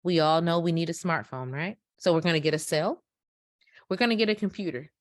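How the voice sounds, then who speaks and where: Deep-voiced woman walking you through business setup, emphatic, dry close sound. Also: a little fast, dry recording. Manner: emphatic, repeats key points with check-ins. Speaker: dispatching business instructor. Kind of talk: instructional walkthrough. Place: home office.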